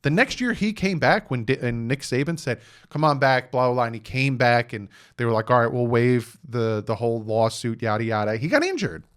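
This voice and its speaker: A young man hosting his own sports channel, telling a story in a casual, animated way, acting out quotes and tossing in "right?" asides. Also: medium pitch, brisk, hardly any pauses, clear, resonant tone. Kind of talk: casual sports commentary vlog.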